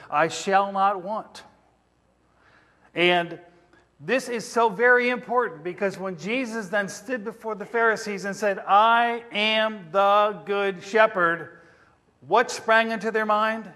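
Male preacher, high voice, teaching sermon, quizzes the congregation, long hall reverb. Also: slow, bright, forceful tone. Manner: interactive, questioning the congregation.

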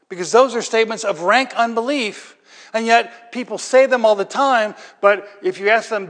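A man's voice: high voice, moderate pace, fairly bright tone, big-room sound. A man preaching a sermon as pastor, talking conversationally with rhetorical questions and building to emphatic peaks.

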